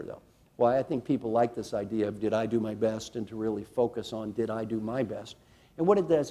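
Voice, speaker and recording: A man giving a motivational coaching talk to a live audience, emphatic and questioning, at times slowing to a soft, guided reflection. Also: mid-range voice. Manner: slows and drops softly for a guided reflection. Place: conference hall before a live audience.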